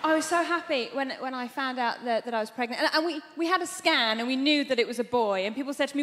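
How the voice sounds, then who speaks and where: A woman from Iran doing a wry, self-mocking stand-up comedy set on a large theatre stage. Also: fairly high pitch. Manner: wry, self-mocking storytelling with quick asides. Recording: long theatre reverb, loud background noise.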